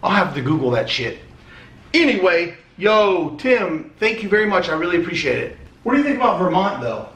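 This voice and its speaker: A man's voice: sits high, very animated, a little fast, a bit bright. A man opening fan mail on a casual vlog, chatty and rambling, swearing now and then. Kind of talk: casual chat. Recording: echoey room.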